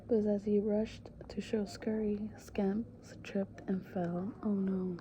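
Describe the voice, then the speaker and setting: A woman reading a children's storybook aloud in a soft whispery voice. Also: medium pitch, little pitch movement, slow pace, lo-fi sound, very noisy. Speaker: storybook reader.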